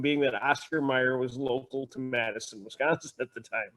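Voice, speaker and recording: A man's voice: mid-range voice, moderate pace, few pauses, fairly bright tone. A man chatting casually in a group call, telling family stories and laughing often. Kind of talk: casual group video chat.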